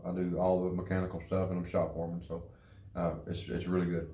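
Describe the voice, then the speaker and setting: A man giving an earnest personal testimony in an interview, halting at times and repeating words. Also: sits low, flat delivery, dark tone. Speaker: interviewee, former prisoner in a recovery program. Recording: echoey room.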